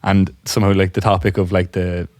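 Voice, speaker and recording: A young man co-hosting a podcast, telling a story in casual chat, animated and laughing often. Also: low voice, fairly quick, no echo, studio quality. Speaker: podcast co-host.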